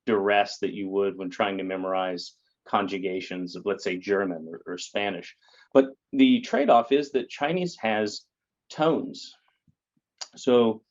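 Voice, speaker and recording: Man, low voice, lecturing interview guest, frequent fillers, dull lo-fi recording. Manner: lecturing, many fillers and "right?". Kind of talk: explanatory conversation.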